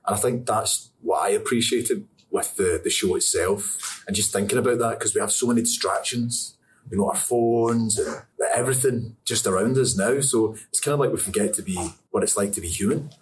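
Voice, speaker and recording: A young Scottish man with a fairly low voice talks in a loose, rambling way and laughs as he goes. The mic sits back from him, with a faint room hum underneath. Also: moderate pace. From Scotland. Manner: chatty, rambling, laughs often. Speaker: actor interviewee. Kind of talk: casual interview answers. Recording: distant mic with faint ambience.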